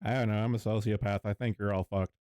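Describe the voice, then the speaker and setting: A man in his thirties in a casual chat, deadpan and self-deprecating. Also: on the low side, quick pace, clean tone, no echo.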